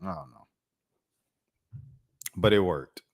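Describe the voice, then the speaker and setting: A man hosting a casual live commentary stream, talking in an animated, mocking way. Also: on the low side, slow, gravelly, breathy edge. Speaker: commentary channel host.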